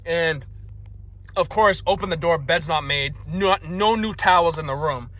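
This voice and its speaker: Young guy vlogger, kinda high voice, swearing nonstop, mad ranty storytelling but mocking himself. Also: measured pace, fairly bright tone. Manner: profane, exasperated, self-mocking. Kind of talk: comedic ranting storytelling.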